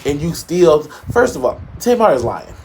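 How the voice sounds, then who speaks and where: Brief: sassy male talk-show co-host, lively pitch swings, shady gossip delivery. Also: normal speed, slightly rough. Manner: sassy, shady, emphatic with big pitch jumps. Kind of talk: casual gossip chat.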